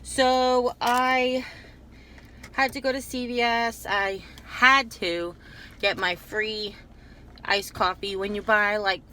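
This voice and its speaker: Taking it slowly, a woman with a fairly high, steady voice sounds pushed and bright, with a little hiss or hum present. She's a YouTube haul vlogger rambling casually, often stopping partway through sentences and starting over.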